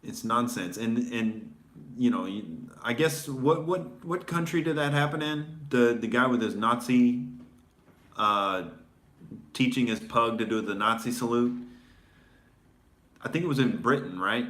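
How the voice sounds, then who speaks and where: A man's voice: mid-range voice, a little slow, fairly bright tone. A male comedian hosting a casual commentary show, rambling with fillers and restarts in a sarcastic tone. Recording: echoey room.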